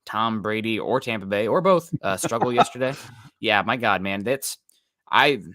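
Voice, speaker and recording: A man with a low, bright, forceful voice co-hosts a live sports chat. He greets viewers by name and reads their comments in an easygoing manner. The sound is dry and close. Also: expressive, normal speed, dry recording. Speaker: podcast co-host.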